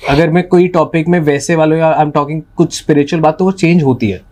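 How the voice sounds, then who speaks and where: Fast-talking Indian podcast host. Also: male voice, on the high side, a little mellow. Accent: Indian English. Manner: casual, mixes Hindi and English. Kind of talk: podcast conversation.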